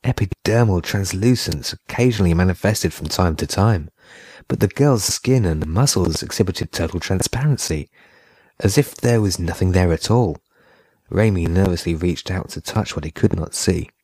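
A man narrating a horror short story in a measured, unhurried way. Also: sits low, darkish tone, slightly rough, no echo, studio quality. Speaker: audiobook narrator.

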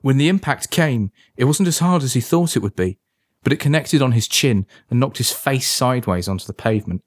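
A man reads a story aloud at a medium pitch, his delivery steady and measured. The recording is clean and studio-quality, with no sound of the room.

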